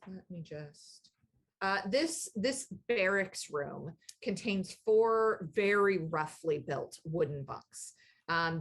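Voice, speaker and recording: A woman's voice: lowish voice, a bit bright. A woman game master narrating a tabletop game in a thoughtful way, with many fillers.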